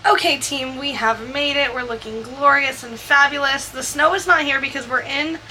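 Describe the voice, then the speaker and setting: A woman's voice: sits high, fairly even intonation, sharp tone, a little hiss or hum. A young woman telling a chatty, profane story over a video game build. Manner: chatty, profane, quick asides. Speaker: Sims builder and vlogger.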